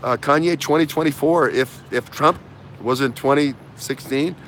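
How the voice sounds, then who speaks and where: Somewhat high and fairly bright at a moderate pace, this male host runs a casual political talk show, rambling through fillers, repeated phrases and restarts. There's slight background noise.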